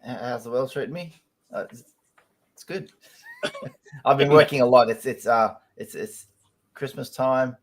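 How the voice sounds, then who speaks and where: A man's voice: medium pitch, measured pace, long pauses. A man from Australia chatting casually about toys, with a just-woken morning voice and frequent laughs. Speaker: guest in a toy collector chat. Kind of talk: casual chat.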